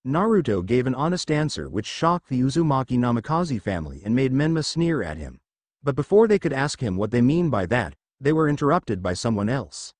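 A man's voice: mid-range voice, sing-song, a little fast, no room sound. A man narrating a fan fiction story in a plain reading style, with frequent slips. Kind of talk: amateur fanfiction reading.

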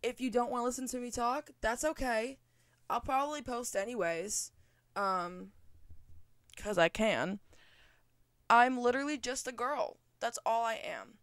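A woman's voice: a little high, measured pace, pauses often, fairly bright tone, no echo, studio quality. A young woman hosting her own podcast, chatting off the cuff, rambling and swearing freely with self-deprecating jokes, recorded at home on a cheap microphone. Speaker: podcast host. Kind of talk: casual off-the-cuff chat. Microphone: cheap USB microphone.

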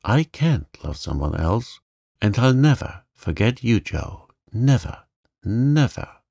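A man's voice: on the low side, animated, normal speed, creaky, darkish tone, no room sound, studio quality. A man reading the part of a passionate, lovelorn young man in an audiobook, heated and desperate.

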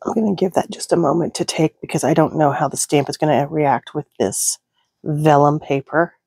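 A woman's voice: low voice, fairly even intonation, normal speed, vocal fry, a little mellow, slightly rough, dry recording. A woman with a Southern US accent hosting a crafting video, chatting casually and mumbling asides to herself as she works. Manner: chatty, talks to herself while working, some mumbled asides. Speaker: crafting channel host.

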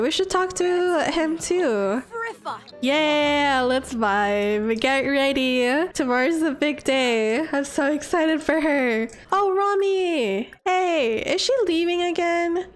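A woman giving casual let's-play commentary on a life-sim game, excitable and gushing, often squealing and laughing. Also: sits high. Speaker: gaming video creator.

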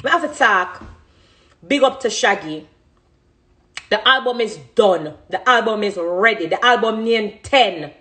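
A woman's voice: mid-range voice, animated, a little slow, pushed and bright. A woman in her thirties with a Jamaican accent, a dancehall artist giving an impassioned, emphatic monologue and repeating phrases for emphasis.

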